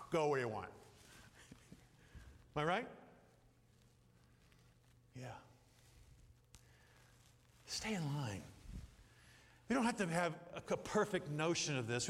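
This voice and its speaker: Middle-aged guy preaching, kinda high voice, rambly and jokey, lots of church hall echo. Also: a bit bright. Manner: rambling, jokey asides with acted-out quotes. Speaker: pastor. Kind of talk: sermon. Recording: hall reverb.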